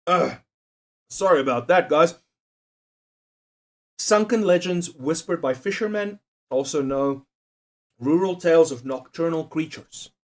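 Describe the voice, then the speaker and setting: A man's voice: fairly high pitch, lively intonation, unhurried, long pauses. Joking, foul-mouthed streamer man. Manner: profane, joking, laughs often, talks to chat. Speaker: live streamer. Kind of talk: casual live-stream chat while doing a quiz.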